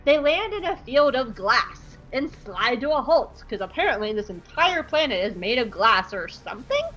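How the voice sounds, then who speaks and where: A woman's voice: a little high, sing-song, moderate pace, fairly bright tone, highs cut off, soft background music. A woman podcast host giving a casual, sarcastic and playful episode recap. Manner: sarcastic and playful, jumps into voices.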